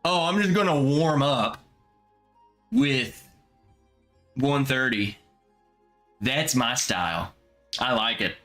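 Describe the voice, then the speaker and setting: A young man hosting a casual livestream, tasting bourbon and chatting as he reads viewer comments, relaxed and musing. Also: mid-range voice, slow, pauses often, faint music behind. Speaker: livestream host. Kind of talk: casual live chat reading comments.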